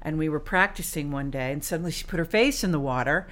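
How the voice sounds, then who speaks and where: A middle-aged woman with a slightly low voice tells her story to an interviewer. She is chatty and full of fillers, and she acts out the thoughts she had back then in quoted asides. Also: fast, a bit bright. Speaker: guest, cancer survivor and swimmer.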